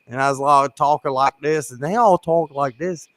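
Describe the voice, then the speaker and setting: A man's voice: a little high, moderate pace, dry recording. Laughing man hosting a live chat stream. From born in Kentucky, raised in Florida. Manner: laughs often, animated storyteller. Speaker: host.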